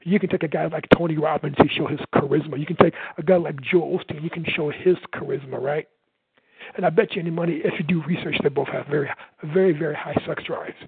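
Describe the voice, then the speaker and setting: Loud, energetic man on a tinny line. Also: fairly high pitch, fast talker, creaky, slightly rough. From United States. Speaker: sales coach and podcast host. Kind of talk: motivational talk. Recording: tinny phone-like line, dry.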